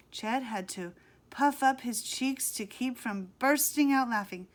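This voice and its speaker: Slow, expressive woman reading a story. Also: fairly high pitch. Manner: slow, expressive read-aloud. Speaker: audiobook reader. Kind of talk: storybook narration.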